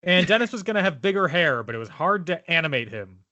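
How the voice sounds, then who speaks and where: Male podcast co-host, animated and bright, casual and teasing. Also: fairly high pitch, quick pace, no echo, highs cut off. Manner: reads trivia, playful and teasing. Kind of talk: casual chat.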